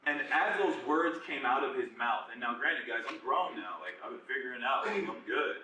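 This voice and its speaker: Bright-voiced young man giving a testimony. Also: fairly high pitch, a little fast, slight background noise. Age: 20s. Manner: casual, conversational, animated retelling with slang. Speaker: guest speaker. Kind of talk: personal testimony talk. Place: large echoey room at a church singles group. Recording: echoey room, voice from far off.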